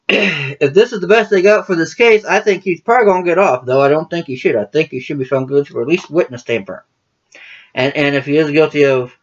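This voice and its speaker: A man's voice: high-pitched, muffled recording. A man hosting his own political commentary channel, ranting casually to camera in a profane, combative, heated way.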